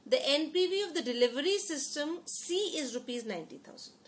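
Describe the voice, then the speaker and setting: A teacher lectures her class in a slightly high, briskly paced voice with lively intonation, repeating key phrases and continually questioning the students. A faint hiss lies beneath the recording.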